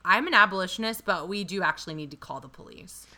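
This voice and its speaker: A woman with a bright, forceful tone and a slightly low pitch chats casually, recapping a show. She talks in an animated way, swears freely and throws in quick asides. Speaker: podcast co-host.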